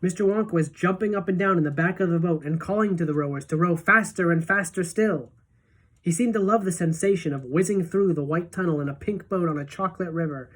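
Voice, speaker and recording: A woman teacher reading a children's novel aloud to her class in a steady, even storytelling voice. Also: on the low side.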